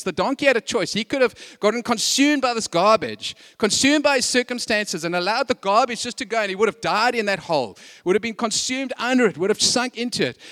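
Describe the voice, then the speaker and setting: A man preaching a sermon as pastor, telling a story in a chatty, animated way with lots of repeated phrases and asides. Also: sits high, dry recording, studio quality.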